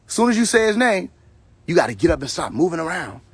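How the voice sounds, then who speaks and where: A man hosts a live stream from his phone, his fairly high voice swinging widely in pitch as he talks fast with a breathy edge and no room sound. It's a heated, casual rant, confrontational and preachy, packed with profanity and repeated phrases.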